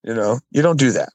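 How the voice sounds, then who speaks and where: A man's voice: mid-range voice, a little mellow, no echo. A man co-hosting a podcast, telling a story in laid-back casual chat and swearing now and then. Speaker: podcast co-host.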